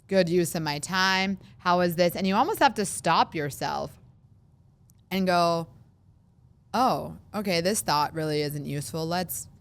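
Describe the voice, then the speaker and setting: A woman in her thirties hosting a solo podcast, talking casually and animatedly, acting out worried voices in quick asides. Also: lowish voice, clear, resonant tone. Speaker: podcast host.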